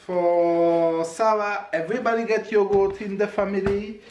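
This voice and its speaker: Slow singsong mom, off-mic. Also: female voice, mid-range voice, fairly even intonation, darkish tone, far from the mic, slight background noise. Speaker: mother in a family vlog. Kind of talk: casual family chat. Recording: echoey room, from off-mic.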